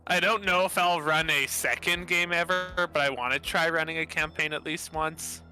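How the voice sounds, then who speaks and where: A man's voice: a little high, steady tone, normal speed, sharp tone, soft background music, low-quality recording. A man chatting casually as a tabletop game player, making dry, joking remarks. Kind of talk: casual chat.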